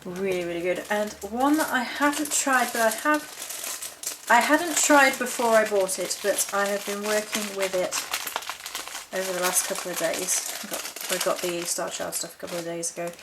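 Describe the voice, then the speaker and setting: A chatty woman vlogger talks casually as she works through a haul of supplies. She rambles, corrects herself and reads short notes aloud from a book, at an ordinary middle pitch, with a faint hiss behind her. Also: moderate pace. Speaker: witchcraft vlogger. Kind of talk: casual chat showing a haul.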